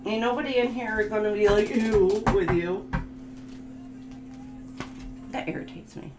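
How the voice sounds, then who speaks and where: A woman gives a livestream tarot reading in a chatty, emphatic way, blunt when she makes her points. Her voice sits at an ordinary pitch for a woman. The room rings with echo, and music plays behind her. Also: measured pace. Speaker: tarot reader. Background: background music.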